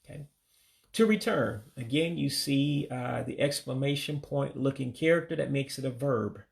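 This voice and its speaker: American man, gravelly voice, casual vocabulary lesson, repeats words slowly, gives English meanings. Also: mid-range voice. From United States. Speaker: language learner teaching vocabulary.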